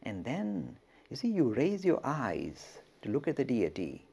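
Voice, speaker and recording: A male religious lecturer telling a teaching story, with a gravelly, husky voice. His pitch rises and falls widely, and he often turns to speak straight to his listeners. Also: a little slow. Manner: expressive, addresses listeners directly.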